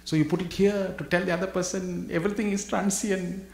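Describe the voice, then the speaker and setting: A man giving an animated spiritual talk to a live audience, acting out little scenes and chuckling often. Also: high voice, brisk, gravelly. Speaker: guest speaker at a spiritual gathering. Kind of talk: spiritual talk with humorous anecdotes. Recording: roomy hall echo.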